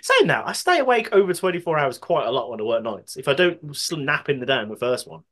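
A man's voice: fairly high pitch, very animated, fast talker, fairly bright tone. A man co-hosting a podcast in casual comedic chat, laughing often and swearing freely. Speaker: podcast co-host.

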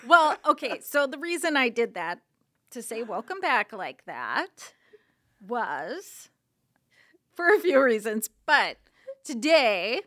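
A woman's voice: on the high side, very animated, slow pace, bright, forceful tone, no echo, clean studio sound. A woman co-hosting a casual podcast, giggling and playfully hamming up pirate talk with her co-hosts. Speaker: podcast co-host.

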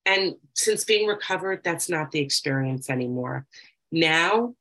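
A woman speaking reflectively about her own experience, reading passages aloud slowly and then talking freely. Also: deep voice, animated, a bit bright, poor audio. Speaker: speaker sharing recovery experience. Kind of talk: personal talk with reading aloud.

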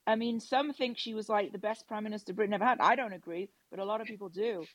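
A woman's voice: mid-range voice, quick pace, no echo. Insistent woman debating on a podcast. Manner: insistent, talks over others. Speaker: podcast panelist. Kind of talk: casual debate chat.

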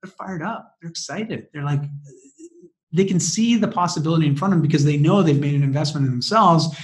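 A man talking as a podcast guest and coach, enthusiastic and quick to laugh as he shares advice. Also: a little high. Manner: enthusiastic, fired up, laughs often. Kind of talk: animated interview conversation.

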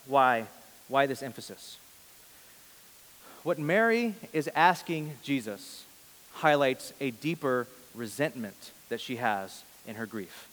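A man preaching a sermon as a pastor. He reads scripture quietly and grows more intense when he voices questions. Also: medium pitch. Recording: long reverb of a large hall.

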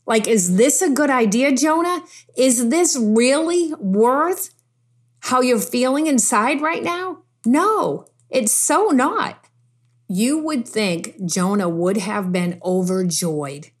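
Woman preacher with a slightly high voice, stressing points through repetition, chatty asides between verses. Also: animated, slow pace. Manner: emphatic, repeats phrases for stress; conversational asides mixed with scripture. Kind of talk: sermon.

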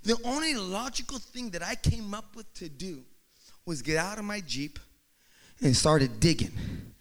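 A man telling a humorous personal story to an audience, acting out the scenes and building up to shouts. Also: high-pitched, moderate pace. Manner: animated, acts out scenes, rising to shouts.

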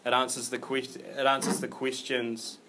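Male preacher, mid-pitched, loose and chatty, lots of ums and restarts, faint room hum. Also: flat delivery, moderate pace. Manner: informal, rambling delivery with many fillers and restarts. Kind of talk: conversational sermon.

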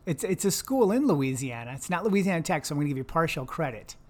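A man's voice: a little high, sing-song, quick pace, darkish tone. Brief: man in his forties, playful co-host in casual conversation. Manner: playful, teasing. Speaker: podcast co-host. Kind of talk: casual chat.

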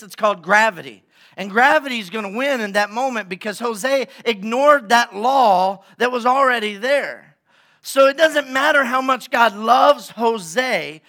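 A pastor preaches in an emphatic, conversational way and keeps checking in with his congregation. His voice is high and bright. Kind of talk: sermon.

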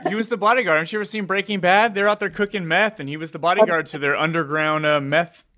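A man's voice: sits high, fast, bright, forceful tone. A man hosting a casual interview, enthusiastic and full of hesitant fillers as he searches for words. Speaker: interview host.

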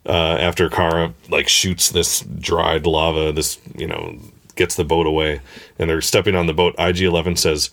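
A man's voice: deep voice, level tone, normal speed, fairly bright tone. A man in casual podcast chat, talking enthusiastically with lots of fillers and restarts. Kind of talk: casual chat recapping a TV episode.

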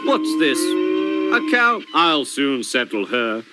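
A man voicing a nervous, gentle male train engine in a children's storybook show, with music behind him. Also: a little high, sing-song, slow pace. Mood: cautious.

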